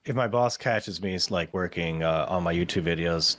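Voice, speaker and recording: A man co-hosting a casual podcast, laid-back and quick to laugh as he tells anecdotes. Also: deep voice, fairly bright tone. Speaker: co-host.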